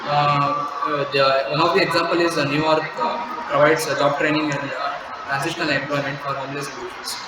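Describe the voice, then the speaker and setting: A young man giving a class presentation, halting with many fillers and restarts. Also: fairly high pitch, flat delivery. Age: young adult. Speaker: student presenter. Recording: very echoey room, loud noise.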